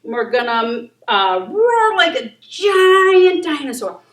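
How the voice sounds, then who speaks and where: Woman children's yoga instructor, high-pitched and sing-song, unhurried; recorded far off in a reverberant room. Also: very animated, very noisy. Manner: encouraging, gentle and sing-song. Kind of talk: leading a kids' yoga class. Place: library room.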